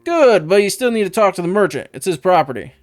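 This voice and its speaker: A man voicing a male village head in a game, with a slow country drawl and a chatty, evasive manner. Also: sits high, very animated, no echo, pitched above the performer's own voice. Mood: folksy.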